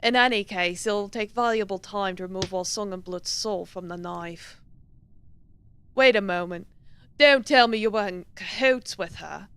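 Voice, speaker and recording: A woman's voice: medium pitch, unhurried, a bit bright, clear, resonant tone, pitched below the performer's own voice. A woman voicing a stern male professor in a put-on British accent.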